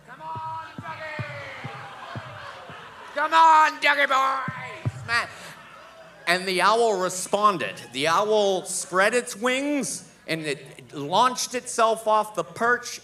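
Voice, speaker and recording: Bright-voiced man doing stand-up. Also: slight background noise. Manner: storytelling with loud, high impressions of others. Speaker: stand-up comedian. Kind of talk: stand-up set. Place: theater stage with live audience.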